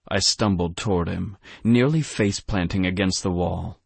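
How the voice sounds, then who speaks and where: A man narrating a novel in the first person with a measured, low-key delivery. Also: vocal fry, slightly rough, dry recording. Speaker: audiobook narrator.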